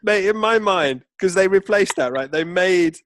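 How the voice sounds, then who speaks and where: A man co-hosting a sports podcast in casual chat, spinning jokey, drawn-out comic scenarios. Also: sits high, animated, a bit bright, no echo. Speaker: podcast co-host.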